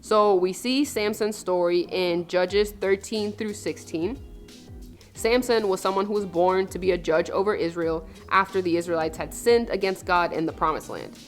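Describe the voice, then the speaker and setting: Low-voiced woman hosting a playful podcast. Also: moderate pace. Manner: playful, explains and jokes with frequent laughs. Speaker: podcast co-host. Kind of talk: casual faith podcast chat. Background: faint background music.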